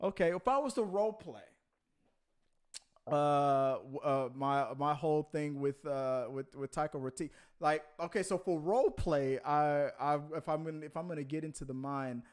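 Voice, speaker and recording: A man's voice: on the high side, moderate pace, clean tone. A man co-hosting a casual movie news show, rambling with many fillers and restarts. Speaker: podcast co-host.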